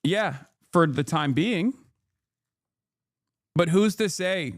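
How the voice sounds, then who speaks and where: A man's voice: on the high side, animated, slow, no echo, clean studio sound. A man in his thirties streaming political reaction commentary, ranting in profane, incredulous bursts. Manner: incredulous, profane, emphatic rants.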